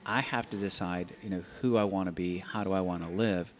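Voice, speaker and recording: A man in his fifties, a podcast guest, telling stories in an animated way, often repeating and restarting words. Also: low voice, a little fast, soft background music. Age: 50s. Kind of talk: conversational storytelling. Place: open-air bike and coffee shop in a garage.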